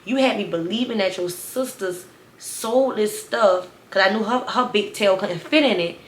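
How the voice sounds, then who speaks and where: A woman, telling a story in a sassy, animated way and talking straight to viewers. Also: mid-range voice, normal speed, echoey room. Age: 20s. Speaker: storytime vlogger. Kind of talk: casual storytime.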